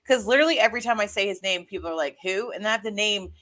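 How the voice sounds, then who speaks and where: Bright-voiced chatty woman co-host. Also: medium pitch, racing. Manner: chatty, with frequent "like" fillers. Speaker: podcast co-host. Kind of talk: casual chat.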